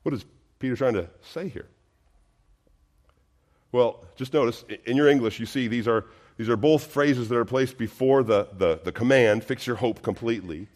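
A man's voice: medium pitch, moderate pace, a little mellow. A male pastor preaching a sermon, earnest and emphatic, full of rhetorical questions.

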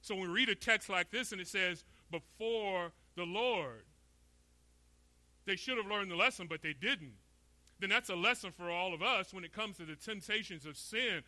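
Bright, emphatic man preaching. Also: high-pitched, fairly quick, no echo. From Florida. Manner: emphatic, asks rhetorical questions, voices imagined speakers. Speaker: pastor. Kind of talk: expository sermon.

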